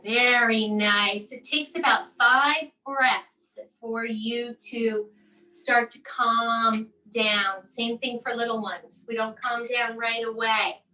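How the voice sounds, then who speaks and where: A woman in her thirties leading a children's bedtime yoga lesson at home, with soft, coaxing instructions. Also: a little high, steady tone, slow pace, recorded from a distance, slight background noise, rough recording. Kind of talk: gentle kids' yoga lesson and read-aloud.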